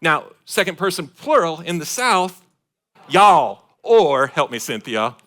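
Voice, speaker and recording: Animated preaching man from Michigan. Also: on the high side, measured pace. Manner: animated preaching, swings between loud emphasis and quiet asides. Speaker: pastor. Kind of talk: sermon. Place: church sanctuary.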